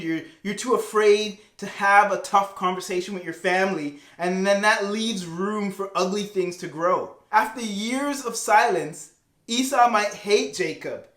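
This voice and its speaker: High-voiced, slangy youth pastor. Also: male voice. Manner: animated, slangy storytelling. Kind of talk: casual Bible lesson. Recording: echoey room.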